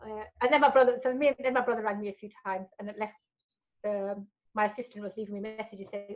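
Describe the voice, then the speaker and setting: A woman's voice: mid-range voice, quick pace, muffled recording. A woman, a guest in a casual interview, telling her stories candidly and swearing freely. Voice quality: frank and animated, swears freely.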